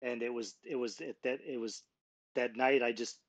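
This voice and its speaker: A middle-aged man telling his personal conversion testimony in an earnest, halting way, with many restarts and fillers. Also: medium pitch, fairly even intonation, no echo. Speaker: guest sharing his testimony. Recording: slightly dull lo-fi sound.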